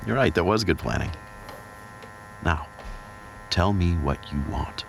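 Very deep, gravelly, teasing male narrator. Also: lively intonation, slow pace, noisy background. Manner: low, teasing, murmuring, often slipping into a whisper. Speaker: narrator of an audio story. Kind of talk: intimate erotic role-play narration.

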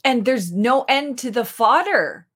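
Slightly high-voiced woman hosting an interview. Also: lively intonation, measured pace, a bit bright, breathy edge. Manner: enthusiastic, lots of affirming backchannel. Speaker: podcast host. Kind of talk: casual interview conversation.

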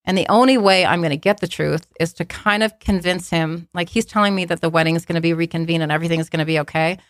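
A woman telling a personal story on a podcast, in a casual, animated way, acting out what people said with many fillers. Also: fairly low pitch, fast, no room sound, clean studio sound. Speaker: guest telling her story.

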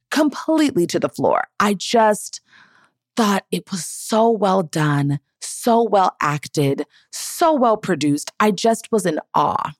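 Low-voiced woman, earnest and heartfelt. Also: no echo, clean studio sound. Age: 30s. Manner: earnest and emotional, reflective. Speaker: podcast host. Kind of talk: heartfelt personal storytelling.

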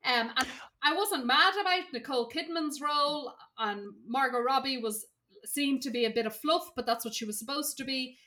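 A woman's voice: sits high, normal speed, sharp tone. A woman co-hosting a casual movie review chat, enthusiastic, often starting with ums and hesitations. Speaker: podcast co-host.

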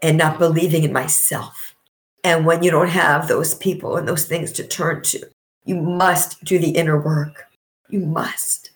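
A middle-aged woman with a low voice speaks as a podcast guest. She talks in a heartfelt, reflective way and slows down to stress her points. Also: fairly even intonation. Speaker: guest, coach and author. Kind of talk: emotional podcast interview.

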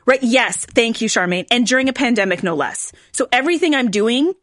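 A woman's voice: a little high, expressive, a little fast, a bit bright. A woman in her forties, a podcast host, telling a personal story candidly to her listeners with lots of "like" and "right?". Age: 40s. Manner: candid, emotional, tearful at times; frequent "right?" and "like".

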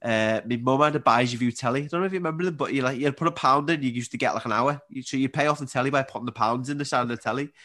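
A young Scouse man speaks fast as a podcast guest, full of animated anecdotes. His pitch sits in a middling range. He laughs as he goes. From Liverpool area, England. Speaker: guest, Paralympic table tennis player. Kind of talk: casual storytelling.

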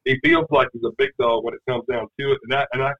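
Rambling through a hunting story as a guest, this man speaks quickly in a creaky, medium-pitched voice, with plenty of fillers and restarts. The audio is dull and lo-fi.

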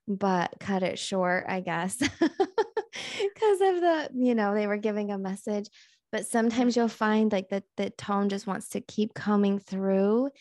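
Calm, mellow-voiced woman channeler. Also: medium pitch, no room sound, studio quality. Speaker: podcast host and channeler. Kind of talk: guided channeling session.

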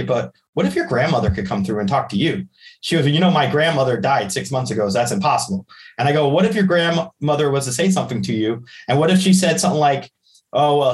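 A man, a podcast guest and psychic medium, telling a personal story in conversation and acting out the dialogue he quotes. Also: on the high side.

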